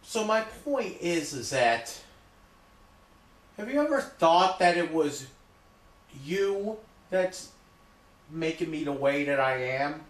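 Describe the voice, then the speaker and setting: Man vlogger, loud and emphatic, drawn-out delivery, roomy echo. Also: fairly high pitch, very animated. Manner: loud, repetitive, emphatic, keeps saying okay. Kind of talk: ranting monologue to camera.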